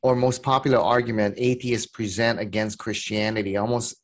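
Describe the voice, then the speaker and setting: A man's voice: lowish voice, level tone, fairly quick, a little hiss or hum. Male podcast host asking questions. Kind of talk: interview questions.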